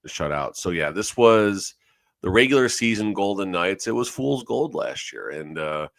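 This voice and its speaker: Very deep-voiced man talking hockey. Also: sing-song, unhurried, gravelly, fairly bright tone, no room sound. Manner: rambling, self-correcting. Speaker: podcast co-host. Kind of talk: casual sports chat.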